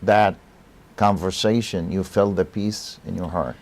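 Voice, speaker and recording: A man interviewing a guest about his faith. He gently prompts the guest and sums up what he says. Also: low-pitched, steady tone, unhurried. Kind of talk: interview questions.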